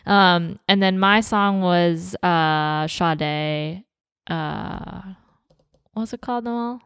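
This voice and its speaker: A woman's voice: fairly low pitch, drawn-out words, a bit bright, smooth, no room sound, studio quality. A young woman co-hosting a podcast, chatting casually with lots of fillers, swearing and laughter. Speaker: podcast co-host. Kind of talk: casual chat.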